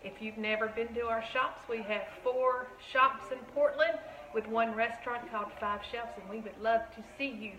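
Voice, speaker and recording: A woman's voice: a little high, fairly even intonation, normal speed, fairly bright tone, echoey room, slight background noise, poor audio. A woman with a Southern accent, chatting casually while she bakes live and greets her viewers. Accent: Southern American. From Tennessee. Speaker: shop owner hosting a live cooking stream. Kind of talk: casual live cooking chat. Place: kitchen.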